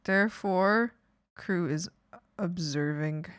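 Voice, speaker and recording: A woman's voice: lowish voice, takes it slowly, smooth, dry recording. A woman streamer chatting casually with her viewers while she draws, giggling often and teasing them playfully. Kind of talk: casual live-stream chat while drawing.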